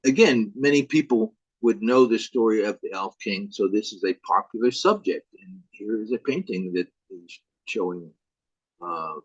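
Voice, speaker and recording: Husky-voiced man giving a lecture. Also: lowish voice, normal speed, no echo, highs cut off. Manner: hesitant, many fillers. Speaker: music instructor. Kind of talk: recorded video lecture.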